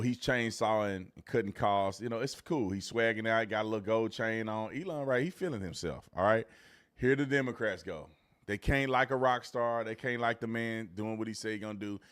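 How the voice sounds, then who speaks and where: A man hosting a live political commentary show, talking in a mocking, slangy way that swings between loud outbursts and low muttered asides.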